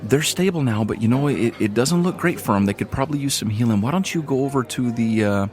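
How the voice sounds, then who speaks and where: A man's voice: medium pitch, lively intonation, fast, a little mellow, voice pushed up, lightly acted. A man voicing a kindly, bustling woman who runs a tavern and heals the wounded, with a motherly way of calling people hon. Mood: concerned.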